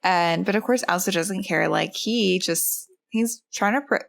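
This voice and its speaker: A woman's voice: mid-range voice, measured pace, vocal fry, fairly bright tone. A woman hosting a casual let's-play, chatty and filler-heavy as she narrates her game. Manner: chatty, many fillers like "like" and "you know". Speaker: host, gameplay narrator.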